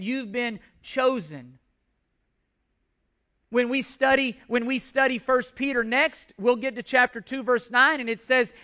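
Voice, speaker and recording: A man's voice: very high voice, bright, forceful tone. A man preaching a sermon to a congregation, emphatic, repeating and restarting phrases as he drives his points home. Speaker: pastor.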